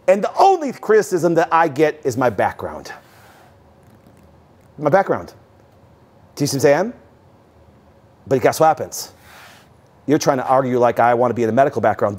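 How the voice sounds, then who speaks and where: A middle-aged man lectures an audience about health with a preacher's insistence. His voice sits a little high, and he keeps asking whether his listeners see what he means. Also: a little mellow. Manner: emphatic, preachy, asks the audience rhetorical questions. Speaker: host. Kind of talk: animated health talk to an audience.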